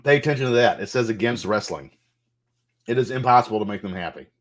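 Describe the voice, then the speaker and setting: Man, low-ish voice, casual game commentary, loose and profane, thinking aloud, keyboard clicks behind. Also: fast. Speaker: gameplay streamer.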